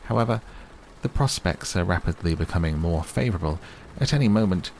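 A man's voice: low voice, brisk, darkish tone, slight background noise. A man voicing a pompous, long-winded old male owl, with faint rain behind.

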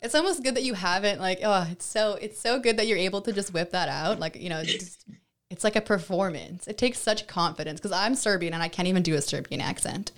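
A woman's voice: lowish voice, fairly quick. Enthusiastic woman hosting a podcast. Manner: enthusiastic, effusive. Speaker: podcast host. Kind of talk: casual podcast interview.

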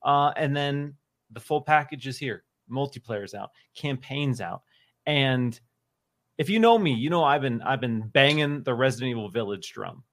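A man's voice: medium pitch, animated, normal speed. A man co-hosting a live gaming show, talking emphatically and repeating phrases for effect. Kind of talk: casual live-stream chat.

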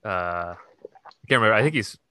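A man's voice: on the low side, animated, normal speed, sharp tone, clean tone. A young man co-hosting a podcast, chatting casually about a film with plenty of fillers and restarts. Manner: hesitant, many fillers and restarts. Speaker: podcast co-host.

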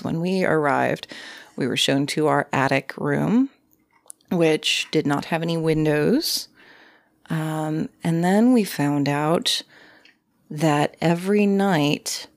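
Low-voiced woman telling a spooky story. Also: no room sound, studio quality. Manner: animated, acts out creaks and quoted voices. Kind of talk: casual spoken ghost story.

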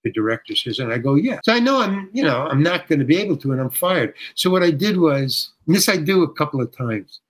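Speaking fairly quickly with hardly a pause, this older American actor performs an anecdote, slipping into the voices of the people in it. His voice is a touch higher than typical for a man, and his many false starts never stall the tale. It's a rough recording.

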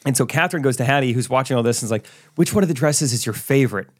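Young male podcast co-host, casual storyteller, animated when quoting people. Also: mid-range voice, rapid-fire. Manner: storytelling, excitable, acts out quotes. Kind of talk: casual chat.

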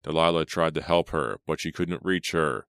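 A frightened clergyman pleads urgently for his life, read by a man narrating a storybook. The voice is extremely deep and dry. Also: normal speed, vocal fry, fairly bright tone, clean tone, dry recording, full character voice. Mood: desperate.

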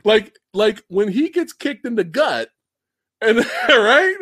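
A young man hosting a casual movie review livestream, excitedly acting out scenes, laughing and swearing as he talks. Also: extremely high pitch, slow, breathy edge, no room sound, clean studio sound. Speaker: host of a movie review stream. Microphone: home streaming setup with camera.

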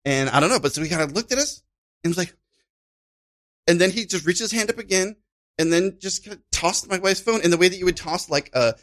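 Male storyteller, animated, acts out the voices in his anecdotes; pitch on the higher side. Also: fairly quick. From Chicago. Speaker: podcast guest, improviser. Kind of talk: casual storytelling chat.

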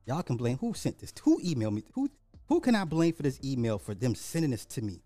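A man who is sick hosts a live radio show in a loose, rambling way, repeating lines and swearing as he gets excited. His voice is mellow and dark, recorded dry and close, with faint music underneath. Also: mid-range voice, fairly quick, dry recording.

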